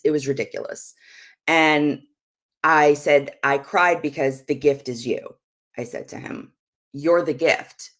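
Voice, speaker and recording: Low-voiced woman telling a candid story. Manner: chatty, candid, frequent "like" and "you know". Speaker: Christian ministry speaker on marriage. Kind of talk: personal storytelling on a live show.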